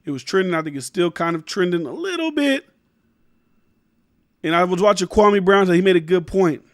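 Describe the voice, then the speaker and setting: A man's voice: high voice, expressive, brisk, dry recording, studio quality. A man hosting his own commentary show, talking emphatically and rambling, swearing freely and often restarting his sentences. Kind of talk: casual opinion commentary.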